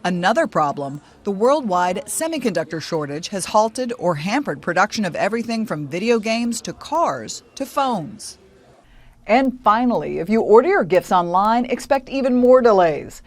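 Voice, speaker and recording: A correspondent narrates a packaged network news report in an even, mid-pitched voice. The delivery is measured and scripted, typical of a national news segment.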